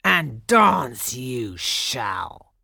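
A woman voicing a brutish, cruel male pirate chief in a storybook audiobook, growling slowly and shouting in alarm. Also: mid-range voice, wildly swooping pitch, creaky, breathy edge, no echo, clean studio sound, heavily acted. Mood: gloating growl. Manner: slow growling menace, then panicked bellowing.

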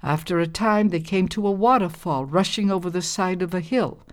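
A woman reads a fairy tale aloud in a calm, measured storytelling voice. Her pitch sits a little low and her tone stays expressive. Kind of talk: storybook reading.

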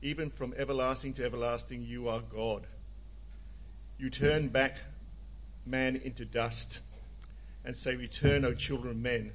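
A man in his seventies reading scripture aloud, halting and apologetic. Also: mid-range voice, steady tone, poor audio. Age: 70s. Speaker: scripture reader.

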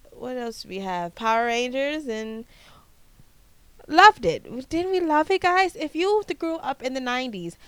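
A woman in her twenties from the United States, hosting her own podcast in a casual, animated chat with frequent restarts. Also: on the high side, clear, resonant tone, dry recording. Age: 20s. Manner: chatty, animated, repeats herself and restarts often. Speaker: podcast host.

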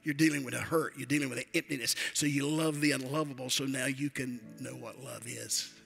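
An older man preaching a sermon as a bishop, swinging between quiet asides and loud emphatic build-ups. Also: medium pitch, fairly even intonation, fairly quick, gravelly, slightly rough, faint music behind.

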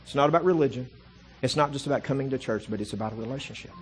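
A man's voice: mid-range voice, racing, breathy edge, faint music behind. Male pastor preaching a sermon. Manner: impassioned, climbing to loud fervent preaching; conversational storytelling with repeated "see" and restarts.

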